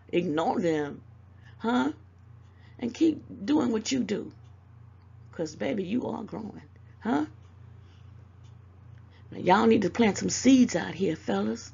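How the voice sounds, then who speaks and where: Gravelly older woman giving motherly advice. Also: mid-range voice, animated, mellow, highs cut off. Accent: Southern US. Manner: motherly scolding, calls people baby, drawn-out mm-mm. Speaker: YouTube commentator. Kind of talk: casual direct-to-camera advice.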